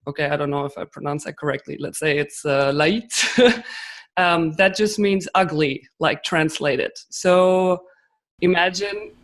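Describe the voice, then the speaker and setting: A woman's voice: on the low side, measured pace. This is a woman, giving podcast interview answers as a guest expert. She talks through her ideas with concrete examples and drops in fillers like "um" as she goes. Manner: explains with examples, frequent fillers.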